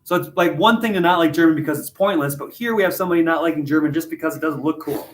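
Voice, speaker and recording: A man teaching a literature class, leading discussion and telling stories in a jokey, animated, self-deprecating way. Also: a little high, very fast, roomy sound. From United States. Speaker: high school literature teacher.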